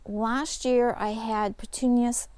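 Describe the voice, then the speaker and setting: A woman's voice: a little high, steady tone, slow pace, a little mellow, smooth, no room sound. A woman vlogging outdoors in her farmyard, explaining her chores in a casual, easygoing way as she goes. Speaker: homesteading vlogger. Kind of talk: casual walk-and-talk narration.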